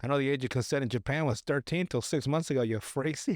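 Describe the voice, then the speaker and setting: A man on a podcast casually recapping a movie, profane and animated, acting out the characters' lines as he goes. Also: medium pitch, fast, no echo, studio quality. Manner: profane, animated retelling with acted-out quotes. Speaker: podcast host.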